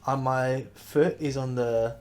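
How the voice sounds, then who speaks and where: A man hosting a casual chat, talking in a relaxed, giggly way with lots of fillers. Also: mid-range voice, slow pace. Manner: chatty, giggly, with many fillers. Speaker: host.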